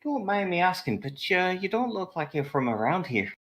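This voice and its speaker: A man voicing a friendly, chatty barmaid who calls the guests "love", raising his pitch well above his own. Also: sing-song, fairly quick, fairly bright tone. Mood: friendly curious.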